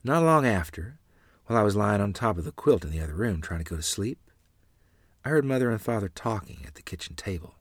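A man's voice: lowish voice, expressive, a little fast, slightly rough, dry recording, clean studio sound. A man narrating a family memoir aloud in a plain, earnest reading.

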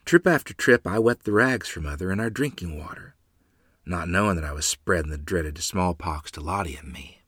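A man tells a first-person memoir in a measured, earnest way. His voice is low, husky and forceful, recorded close and dry. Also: lively intonation, no room sound. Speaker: storyteller.

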